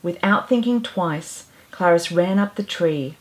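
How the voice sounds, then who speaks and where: A woman reads a rhyming children's picture book aloud in a gentle, expressive voice. She takes her time, with an unhurried, careful pace. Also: lowish voice. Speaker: storyteller.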